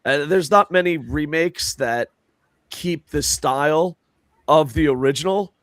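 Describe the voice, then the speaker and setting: A man giving a measured, thoughtful opinion in a casual podcast chat. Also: on the high side, fairly bright tone, no echo, studio quality.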